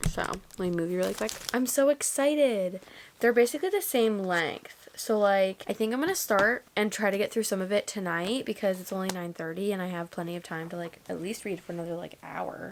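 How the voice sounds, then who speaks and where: Chatty young woman vlogging her reading. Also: medium pitch. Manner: chatty, gushing, lots of "like". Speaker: book vlogger. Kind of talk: casual reading vlog chat.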